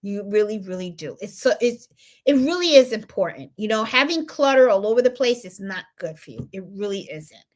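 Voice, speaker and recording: A woman's voice: mid-range voice, animated, fairly quick. A woman from Puerto Rico hosting her embroidery channel's live stream, chatting casually, greeting viewers and reading their comments, with lots of fillers and repeats.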